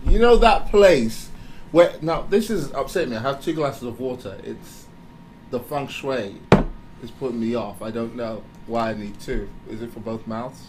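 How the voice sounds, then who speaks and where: A man giving a candid motivational talk, animated and confessional, often breaking into laughter. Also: medium pitch, noisy background. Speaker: speaker.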